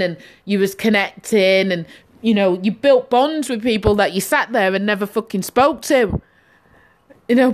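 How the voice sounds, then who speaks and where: A middle-aged woman telling a story in casual chat on a podcast, frank and full of swearing. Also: mid-range voice.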